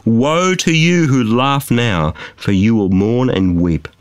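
A man's voice: medium pitch, slow, clean tone, dry recording. A man preaching a sermon from a studio, emphatic and full of rhetorical questions. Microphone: close studio mic.

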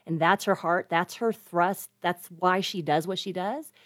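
A woman's voice: fairly low pitch, fairly even intonation, a little slow, a bit bright, no echo. A woman author speaking as a guest in an interview, earnest and encouraging. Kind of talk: conversational interview.

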